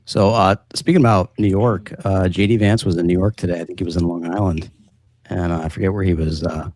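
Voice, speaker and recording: A man hosting a livestream show in relaxed, chatty talk with lots of fillers. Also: sits low, fairly quick, a little hiss or hum. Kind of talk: casual chat.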